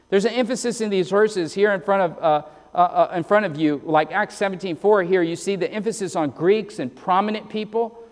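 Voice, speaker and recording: Male pastor, high voice, earnest and emphatic sermon delivery, stumbling restarts, heard with a lingering hall echo. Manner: earnest, emphatic preaching with quick verse citations; repeats words when starting sentences.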